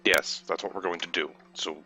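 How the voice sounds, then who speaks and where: A man's voice: low voice, fairly even intonation, fairly quick, bright, forceful tone. A man playing in a tabletop game over voice chat, matter-of-fact and decisive. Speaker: player.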